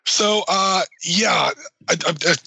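A man's voice: sits high, steady tone, slow, vocal fry, bright, forceful tone, slightly rough, poor audio. A man co-hosting a podcast, rambling knowledgeably through a casual chat with lots of fillers and restarts. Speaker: podcast co-host.

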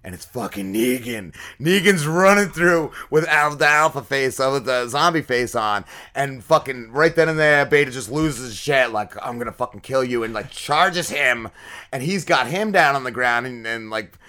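A man's voice: mid-range voice, animated, moderate pace, sharp tone. A man co-hosting a podcast, casually recapping an episode with lots of swearing and fillers. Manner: rambling, profanity-heavy episode recap full of fillers. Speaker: podcast co-host. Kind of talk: casual chat.

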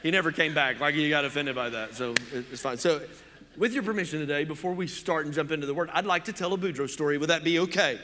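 A pastor from Oklahoma preaching a sermon in a chatty, joking way, full of casual fillers. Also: male voice, a little high, fast talker, pushed and bright, long reverb tail. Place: church.

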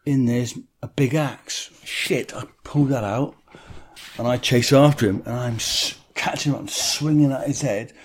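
A man's voice: medium pitch, normal speed, slightly rough. A man telling a vivid personal story in an interview, blunt and swearing freely.

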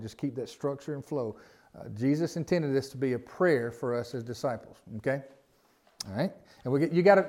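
Folksy Southern pastor preaching. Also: male voice, fairly high pitch, darkish tone. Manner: folksy, conversational preaching with repeated phrases and asides. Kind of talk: sermon.

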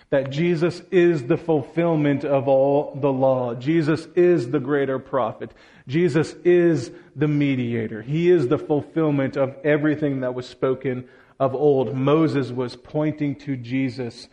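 A man's voice: mid-range voice, darkish tone. A man preaching a sermon, speaking to children and the congregation and acting out the quoted lines of scripture with expression. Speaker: pastor.

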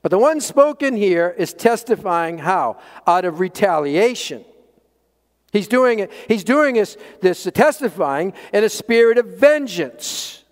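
A man preaching a sermon as pastor, emphatic, swinging between loud peaks and quiet low lines. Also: expressive, unhurried. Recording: long hall reverb.

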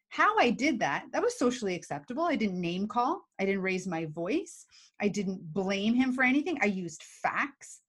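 A woman co-hosting a talk show, explaining emotional skills casually, laughing often and acting out examples. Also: on the high side. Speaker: podcast co-host teaching emotional skills.

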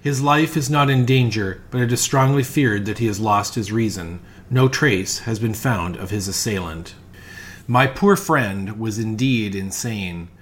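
A man giving a dramatic reading of a classic ghost story, measured and often dropping to a hush. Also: medium pitch. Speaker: reader.

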